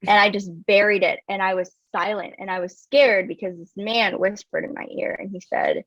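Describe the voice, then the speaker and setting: A woman's voice: mid-range voice, fairly even intonation, normal speed, few pauses, dry recording. A woman guest, a wellness coach, telling her personal story in an earnest, reflective way, with a lot of "like". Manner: earnest and reflective, heavy use of "like". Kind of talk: candid personal storytelling in an interview. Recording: slightly dull, dry recording.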